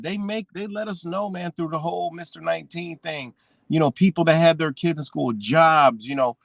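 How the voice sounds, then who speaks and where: A man's voice: a little high, no echo. A man ranting on a live stream, rambling and swearing freely as he talks. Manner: profane, rambling, heated. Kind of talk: casual live-stream rant.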